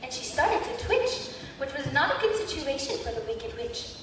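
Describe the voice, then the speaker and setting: A gracious good witch speaks in a sweet, sing-song way, played by a teenage girl in a school play. Her voice sits high and moves a lot. The sound comes from far off in a roomy, echoing auditorium. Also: very animated, normal speed, a bit bright, a little hiss or hum. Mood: cheerful. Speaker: student actor. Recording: echoey hall from far off.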